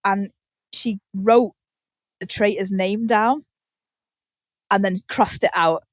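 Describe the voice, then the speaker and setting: A woman co-hosting a podcast in casual chat, telling rambling, animated stories and acting out the quotes. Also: mid-range voice, slow, no room sound. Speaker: podcast co-host. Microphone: podcast microphone.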